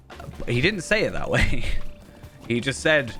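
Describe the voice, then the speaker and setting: A man's voice: medium pitch, lively intonation, normal speed, a bit bright. A man chatting in a rambling, self-deprecating way while streaming a game. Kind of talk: casual gaming commentary. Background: faint game music.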